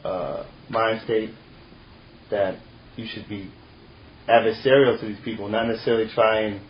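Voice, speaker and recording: A man's voice: fairly low pitch, steady tone, moderate pace. A man taking part in a group discussion, asking a question in hesitant, searching phrasing. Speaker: discussion participant. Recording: echoey room, dull sound, faint hiss.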